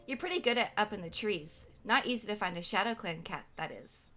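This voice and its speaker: A woman voicing a sly, cool young female forest cat who teases in a calm, mischievous way. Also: mid-range voice, a little fast, faint music behind. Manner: coolly teasing, mischievous.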